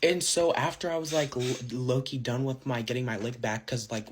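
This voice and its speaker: A man's voice: mid-range voice, normal speed, background noise. A man telling a casual storytime to his followers, slangy and rambling, full of fillers. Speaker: social media storyteller.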